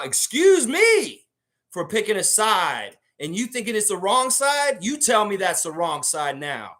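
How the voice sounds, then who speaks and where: A man's voice: sits high, fairly bright tone. A man from the Baltics hosting a sports livestream, amped up and profane as he rants and reads out chat comments. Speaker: livestream host.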